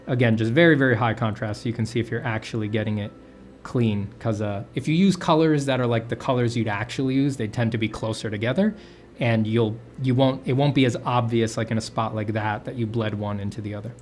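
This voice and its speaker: A man's voice: mid-range voice, steady tone, a little fast. A man chatting casually as he teaches inking and coloring on a livestream, rambling and correcting himself mid-sentence. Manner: rambling, self-correcting, jokey. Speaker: artist streaming a drawing session.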